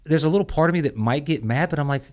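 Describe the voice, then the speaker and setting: A man's voice: a little high, very fast. A man co-hosting a podcast in casual chat, blunt and rambling, swearing freely. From southern United States. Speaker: podcast co-host.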